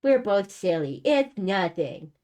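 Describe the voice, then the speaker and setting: A woman voicing a proud, fierce young female assassin, reading her lines aloud with a sharp, mocking delivery. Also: mid-range voice, sing-song, takes it slowly. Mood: teasing.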